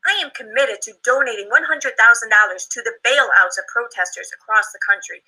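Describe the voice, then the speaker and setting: A woman co-hosting a vlog, reading out social media posts in a steady manner. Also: on the high side, fairly quick, few pauses, rough recording. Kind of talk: reading screenshots aloud.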